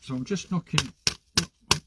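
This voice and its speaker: A man's voice: on the high side, measured pace, very noisy. A man hosting a gardening live stream, chatting casually and rambling to himself as he sows seeds in a greenhouse. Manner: chatty, rambling, talks to himself while potting. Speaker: gardening channel host. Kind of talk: casual live-stream chat while working.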